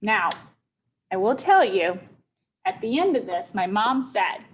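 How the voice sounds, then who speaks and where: A woman's voice: medium pitch, big pitch swings, a little hiss or hum, rough recording. A teacher telling a young-children's story, checking in often with her listeners. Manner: slow, deliberate, checks in with listeners.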